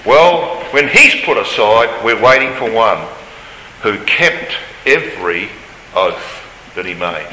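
A man's voice: on the low side, lively intonation, takes it slowly, pushed and bright, a little hiss or hum. A man giving an emphatic Bible study lecture, his voice rising when he reads scripture aloud. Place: large lecture hall. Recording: roomy hall reverb, faint ambience.

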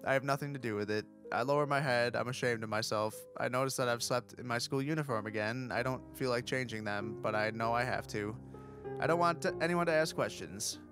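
A man's voice: mid-range voice, fairly quick, over music. Man reading game text mock-dramatically. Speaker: let's play host.

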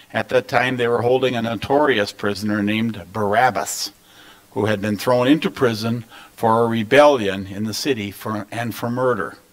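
Brief: male pastor, mid-pitched, measured and solemn scripture reading, phrases trailing soft. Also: low-quality recording. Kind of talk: scripture reading at a worship service.

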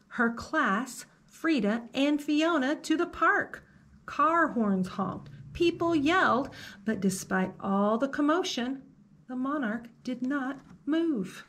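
A woman librarian reading a picture book aloud to children, slow and gentle, stopping to ask the listener questions. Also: high voice.

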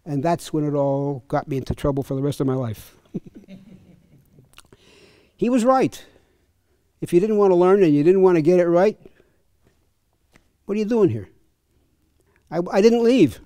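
A man's voice: fairly high pitch, lively intonation, moderate pace, pauses often, mellow, smooth, dry recording. Older man telling fencing stories. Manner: chatty, chuckling, conversational. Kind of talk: casual anecdotal storytelling. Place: fencing center clinic.

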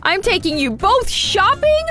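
A woman's voice: extremely high pitch, sing-song, a little slow, pushed and bright, soft background music, pitched above the performer's own voice, full character voice. A woman voicing a cautious, suspicious homeless father, reading his lines in a game role-play. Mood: grateful. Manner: suspicious, then grateful.

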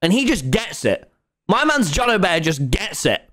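A man streaming a game live, talking to viewers and ranting excitedly at the screen. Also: high voice, moderate pace. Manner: excitable, exasperated, swears and rants at the screen. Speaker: gaming streamer.

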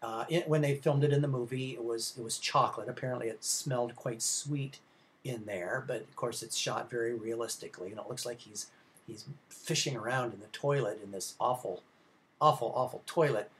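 Man, film instructor, recorded slide lecture, mid pitch, rambling, lots of fillers. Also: moderate pace. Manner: rambling, many filler sounds and restarts; conversational, addresses students directly.

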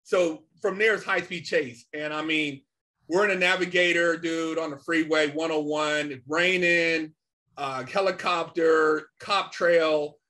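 A middle-aged man telling a story casually and animatedly, swearing often and filling pauses with "you know" and "man". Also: on the high side. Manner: animated, swears a lot, many fillers. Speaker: podcast guest.

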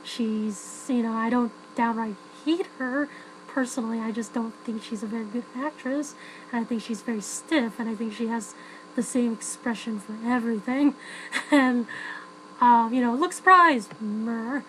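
A woman's voice: fairly high pitch, slight background noise, low-quality recording. A woman giving a frank, chatty spoken film review, full of fillers and restarts.

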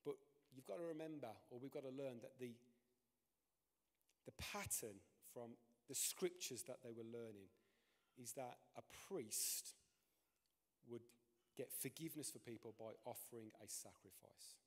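A man preaching a sermon as pastor, animated, his voice climbing and dropping in pitch and loudness. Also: measured pace, long pauses. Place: church. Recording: long reverb of a church hall.

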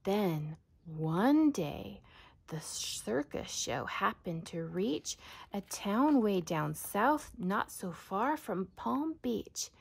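A woman reading a rhyming children's storybook aloud in a sing-song way, often dropping to a soft whisper. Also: mid-range voice, big pitch swings, drawn-out words, creaky, slightly rough.

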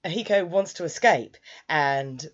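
Woman reviewer, low voice with lively swings, chatty recap, muffled lo-fi sound. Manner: chatty, animated retelling with quick asides. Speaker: anime reviewer. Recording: dull lo-fi sound.

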